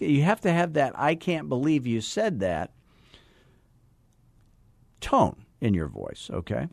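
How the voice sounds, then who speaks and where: A male sales coach on a podcast, teaching with a voice that leaps up and down in pitch as he acts out both sides of a sales call. He repeats key lines for emphasis, in a dry, close sound with no room around it. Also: slow pace, creaky, pauses often, no room sound. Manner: animated, acts out sales dialogues; repetitive, emphatic drilling. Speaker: real estate sales coach.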